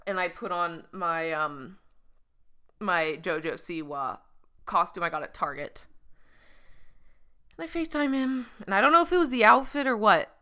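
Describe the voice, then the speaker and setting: A woman's voice: medium pitch, a little slow, sharp tone, smooth. A young woman hosting a comedy podcast, telling a crude, profanity-laced story with jokey asides. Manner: crude, profane, jokey with put-on quoted voices. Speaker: podcast host.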